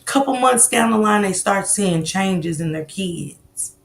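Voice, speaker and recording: A woman hosting a casual live stream, telling stories loudly and animatedly with slang and swearing. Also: medium pitch, expressive, unhurried, a little hiss or hum.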